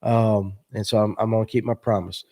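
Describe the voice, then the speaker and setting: A man hosting a casual live fishing show, asking his guests lively, easygoing questions. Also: on the low side, fairly quick. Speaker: show host. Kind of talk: casual live-stream chat.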